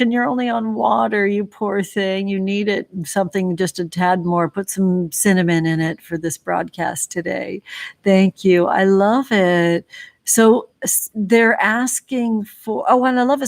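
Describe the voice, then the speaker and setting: A woman's voice: mid-range voice, no room sound. A woman hosting a casual livestream, greeting viewers in chat by name and gushing over them with terms of endearment, with the odd casual swear. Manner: gushing, affectionate, calls viewers sweetie. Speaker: livestream host reading chat.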